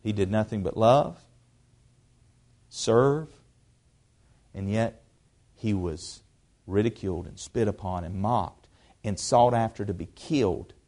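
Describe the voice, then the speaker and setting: A man preaching a sermon in a conversational way, repeating words as he goes and swinging between quiet asides and loud, emphatic stretches. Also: fairly low pitch, takes it slowly, pauses often. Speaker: pastor.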